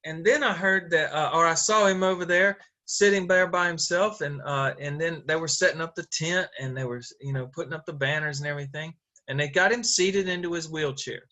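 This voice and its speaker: A man's voice: fairly high pitch, brisk, sharp tone. Earnest man telling a story. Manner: earnest storytelling with frequent fillers and restarts. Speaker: Rotary district governor. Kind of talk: speech on a video call. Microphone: video call.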